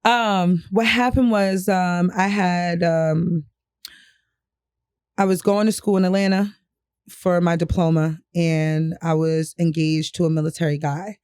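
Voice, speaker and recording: A woman's voice: on the low side, fairly even intonation, measured pace, a little mellow, clean tone, no room sound, clean studio sound. A young woman from New York telling a personal story on a podcast, candid and profane, often laughing. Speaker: podcast co-host. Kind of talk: casual storytelling chat.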